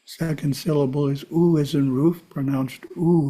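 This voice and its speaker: A man giving a calm, measured spiritual teaching talk, with side remarks to his listeners. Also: a little high. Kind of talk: teaching talk to a live audience.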